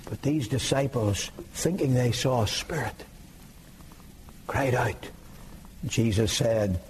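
A man preaching a sermon, emphatic and rising to impassioned high peaks. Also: takes it slowly, long pauses, darkish tone, slight background noise, poor audio.

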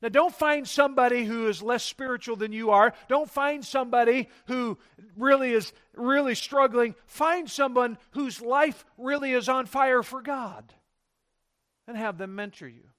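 A pastor preaching a sermon in a church, swinging between emphatic, loud lines and quiet, dropped-off ones. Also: male voice, very high-pitched, unhurried.

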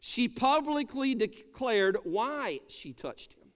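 High-voiced pastor preaching in a reverberant church. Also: male voice, big pitch swings, slow pace. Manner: calls for amens, acts out voices. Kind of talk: sermon. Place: church sanctuary.

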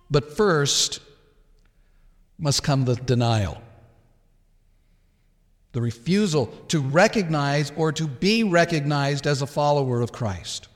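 A man preaching a sermon as pastor, emphatic and expressive, sometimes acting out the words of others. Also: mid-range voice, long reverb tail. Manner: emphatic, acts out Peter's protests.

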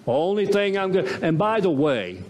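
Animated male pastor preaching. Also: high-pitched, fairly quick. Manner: emphatic, rhetorical questions, repeats phrases. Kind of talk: sermon.

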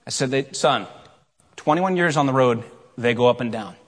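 Animated preacher in a reverberant hall. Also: male voice, mid-range voice, moderate pace. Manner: storytelling, animated, shifts from quiet asides to loud questions. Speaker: pastor. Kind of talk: sermon.

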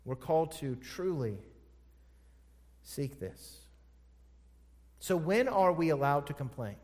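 A man preaching a sermon as pastor, asking rhetorical questions and moving between quiet, low passages and loud, forceful ones. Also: animated, takes it slowly, long reverb tail.

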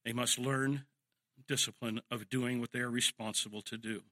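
A man's voice: mid-range voice, fairly even intonation, moderate pace, pushed and bright, no echo, studio quality. An older man preaching a sermon, telling family anecdotes and acting out firm commands to children. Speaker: pastor.

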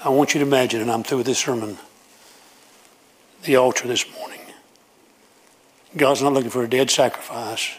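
A man's voice: mid-range voice, fairly even intonation, normal speed, long pauses, breathy edge. A man preaching a sermon, emphatic and repetitive as he pleads with his congregation.

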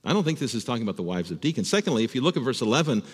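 Earnest preacher in a reverberant hall. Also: male voice, medium pitch, sing-song, racing, husky. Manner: earnest, repeats words when starting phrases. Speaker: pastor. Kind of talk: sermon. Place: church sanctuary.

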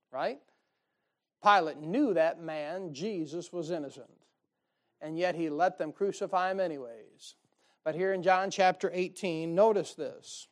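A man with a high voice preaching from the pulpit. He talks in a folksy, emphatic way, full of asides and questions to his listeners. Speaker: pastor. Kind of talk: sermon.

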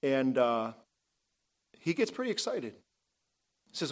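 A male pastor giving a sermon, emphatic, with his voice swinging between loud and hushed for effect. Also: medium pitch, sing-song, takes it slowly. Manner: emphatic, rising and dropping for effect.

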